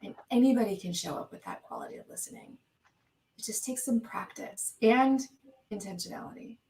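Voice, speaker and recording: A woman coach guesting on an interview over a video call, speaking in a calm, measured and earnest way. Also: fairly high pitch, gravelly, reverberant, recorded from a distance, poor audio. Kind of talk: interview talk.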